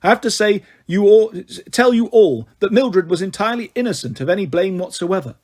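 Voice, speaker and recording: A man's voice: sits high, lively intonation, fairly quick, darkish tone. A man reading aloud and voicing a strict woman teacher who speaks in a formal, clipped way. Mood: stern. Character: stern, strict woman teacher with a steely gaze.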